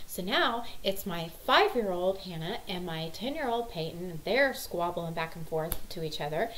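A woman's voice: mid-range voice, expressive, a little fast, hardly any pauses, rough recording. A woman, rambling through a story about her kids, exasperated. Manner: exasperated, rambling, acts out quotes. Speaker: mother vlogger. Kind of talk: casual storytelling vlog.

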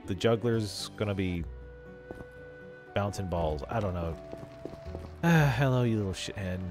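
A man's voice: on the low side, expressive, unhurried, music in the background. A man casually commentating on a role-playing game he is playing, joking, swearing and putting on silly voices. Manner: jokey, profane, puts on silly voices. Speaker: let's play host.

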